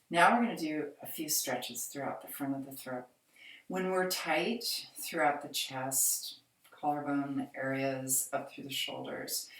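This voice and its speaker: A woman with a deep, low voice leads a seated exercise class, giving slow, gentle, reassuring cues. She sounds set back from the microphone, and the room adds a clear echo around her words. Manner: calm, reassuring, slow cueing. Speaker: fitness instructor. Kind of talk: guided chair exercise instruction. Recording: echoey room, mic at a distance.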